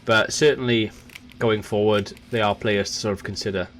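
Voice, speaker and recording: This man runs a gaming video with football commentary, talking directly to his audience in a chatty way and narrating the match. His lowish voice moves at a moderate pace over a little hiss or hum, and it jumps up excitedly on goals.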